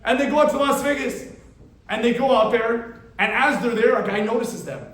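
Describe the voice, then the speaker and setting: A male rabbi giving a storytelling sermon at a weekly class, talking in an animated, conversational way with asides to his listeners. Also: extremely high pitch, moderate pace, background noise. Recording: echoey hall from far off.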